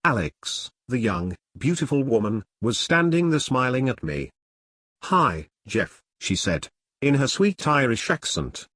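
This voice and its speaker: A man narrating his own novel in the first person, reading at a measured pace. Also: mid-range voice, fairly bright tone, no room sound, studio quality. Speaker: author and narrator. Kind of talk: audiobook narration.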